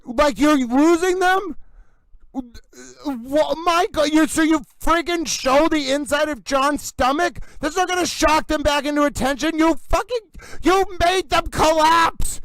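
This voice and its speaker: A man hosting a live commentary stream, theatrically exasperated, swinging between yelling and low muttering. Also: measured pace, no echo, low-quality recording. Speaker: livestream host commenting on a trial.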